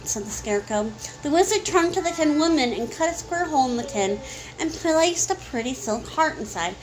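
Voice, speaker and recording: A woman reading a picture book aloud to a child in a calm, clear storytelling manner. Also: high voice, moderate pace, over music, low-quality recording. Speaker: storybook reader.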